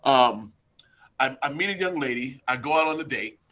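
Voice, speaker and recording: Bright, animated male storyteller. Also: medium pitch, normal speed. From United States. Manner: animated storyteller, addresses listeners directly. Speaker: podcast guest, strength coach. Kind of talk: casual chat, storytelling.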